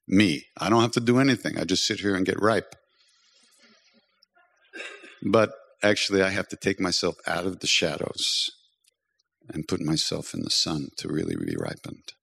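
Low-voiced older man telling spiritual stories. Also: creaky. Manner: gently humorous, self-deprecating storyteller. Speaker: spiritual teacher and podcast host. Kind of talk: storytelling spiritual talk.

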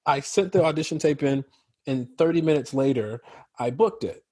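Man, American accent, husky, dry close sound, animated storyteller. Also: medium pitch, moderate pace, dry recording. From Chicago. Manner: laughs often, animated storytelling. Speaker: actor guest. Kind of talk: casual interview chat.

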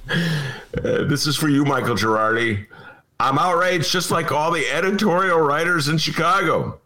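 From his home apartment, a man hosts a talk show as a comic, casual monologue, acting mock-outraged and theatrical and breaking into laughter at his own jokes. His fairly high voice is pushed and bright, at a normal speed.

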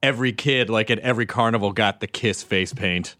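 A man hosting a podcast, chatting casually and reacting with quick jokes. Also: lowish voice, pushed and bright, dry recording, studio quality. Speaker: podcast host. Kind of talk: casual interview chat.

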